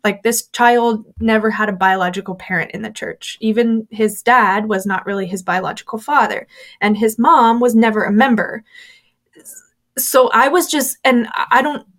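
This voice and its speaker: A woman's voice: a little high, steady tone, normal speed, a bit bright. A woman, a former church member, candidly recounting her experiences in a casual interview, with chatty fillers and quoted voices.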